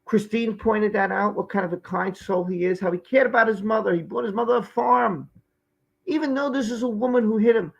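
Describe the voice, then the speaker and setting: A man's voice: high voice, fairly quick, creaky. A man giving emphatic live-stream commentary, repeating key phrases for weight.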